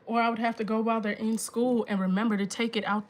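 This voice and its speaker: A woman in her thirties hosting a phone livestream, telling a story to her viewers in an exasperated, animated way with emphatic asides. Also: on the high side, fast, slight background noise. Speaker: livestream host.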